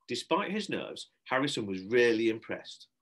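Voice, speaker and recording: Man, primary school teacher, children's story read-aloud, bright, expressive narration. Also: medium pitch, moderate pace. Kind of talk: reading a children's book aloud.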